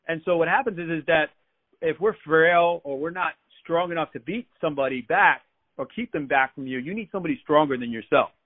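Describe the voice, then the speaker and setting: A man tells stories as a guest on a radio talk show. He talks in a chatty way and often repeats a word before going on. His voice sits a bit high and comes through a thin, tinny phone line. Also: fairly quick. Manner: chatty, repeats words while telling anecdotes.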